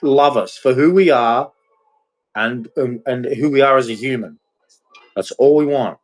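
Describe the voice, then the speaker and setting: A man talks bluntly and at length, rambling from point to point and leaning hard on his emphasis. His voice sits at an ordinary middle pitch, and the delivery feels like a candid, unscripted rant. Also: a little slow, low-quality recording. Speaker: podcast host. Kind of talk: candid relationship monologue.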